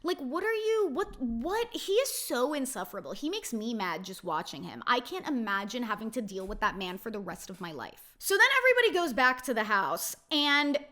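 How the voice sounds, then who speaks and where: A young woman with a bright, high voice that swoops all over as she gives her blunt take on reality TV drama. She swears freely and fills her talk with "like," keeping it casual and unscripted. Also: sing-song, brisk, hardly any pauses. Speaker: reality TV recap host. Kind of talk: casual opinionated recap.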